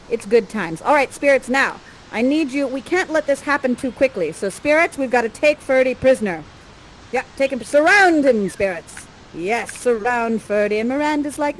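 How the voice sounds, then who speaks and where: A woman's voice: on the high side, moderate pace, a little hiss or hum, rough recording. A woman performing interactive live theater, guiding the audience through the scenes in a playful, theatrical, encouraging way.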